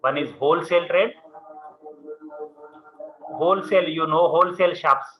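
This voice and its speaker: A man's voice: fairly high pitch, normal speed. A man with an Indian English accent lecturing a classroom on commerce, repeating points and checking in with "okay" and "see". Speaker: commerce teacher. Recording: muffled classroom recording with students.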